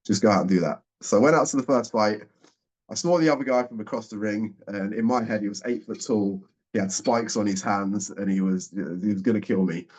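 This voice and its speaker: A man around forty, a guest speaker telling a personal story in a lively way and acting out what people said. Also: on the low side, brisk. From England. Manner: lively storyteller, acts out the dialogue. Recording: dull, muffled audio.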